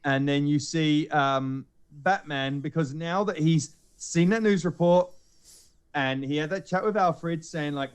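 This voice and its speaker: A man's voice: on the high side, measured pace, smooth. A man on a podcast, casually retelling a film scene by scene and acting out the characters' lines. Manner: animated storyteller acting out lines in character voices. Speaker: podcast co-host recounting a film screening. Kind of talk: casual chat.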